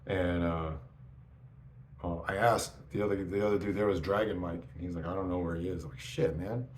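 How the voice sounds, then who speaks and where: Deep-voiced man, profane and rambling. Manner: profane, rambling, restarts often. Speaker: interviewee. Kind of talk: casual interview storytelling. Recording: echoey room with faint noise.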